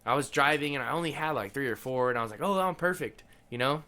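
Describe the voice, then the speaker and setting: A man's voice: mid-range voice, racing, sharp tone. A young man co-hosting a casual podcast, laid-back and swearing, with lots of "like" and "dude" fillers. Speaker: podcast co-host. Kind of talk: casual chat.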